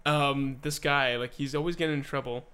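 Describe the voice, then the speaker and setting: This young podcast co-host speaks at a moderate pace in a smooth, mid-range voice as he shares school stories. It's a relaxed conversation full of his laughter and lively impressions of the people he quotes.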